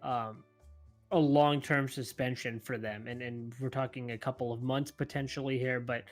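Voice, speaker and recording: A man's voice: mid-range voice, fairly even intonation, moderate pace, faint music behind. A man co-hosting an esports podcast, chiming in conversationally with his opinions on the news. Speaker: podcast co-host. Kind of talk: casual esports podcast chat.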